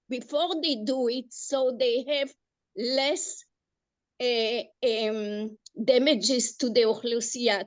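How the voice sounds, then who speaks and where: Slow, earnest older woman. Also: high voice, dry recording. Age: 70s. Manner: earnest, emphatic, halting restarts. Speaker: discussion participant. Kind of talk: impassioned group discussion.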